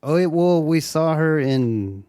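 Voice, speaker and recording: A young man from Mexico, a native Spanish speaker, co-hosting a casual movie review chat in a joking, profane, animated way. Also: a little high, takes it slowly, clear, resonant tone, dry recording, studio quality. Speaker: co-host.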